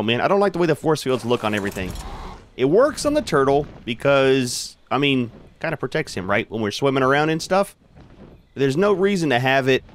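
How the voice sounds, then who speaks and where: A man hosting a gaming channel, giving casual commentary as he plays and chatting to his creatures in a laid-back way. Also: medium pitch.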